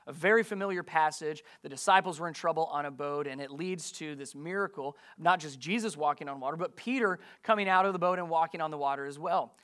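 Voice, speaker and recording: A pastor with a notably high-pitched voice delivers a conversational sermon. He talks casually to the congregation, reads scripture aloud and keeps tossing them questions to answer. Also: fast talker, few pauses, fairly bright tone.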